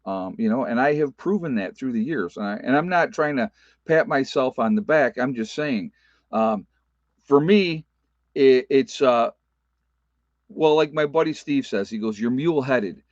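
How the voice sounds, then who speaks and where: A prepper vlogger on his rural off-grid homestead chats casually with viewers and reads their live comments, folksy and emphatic, repeating himself and using fillers. His mid-range voice is expressive and unhurried. The recording is dull, with no room sound.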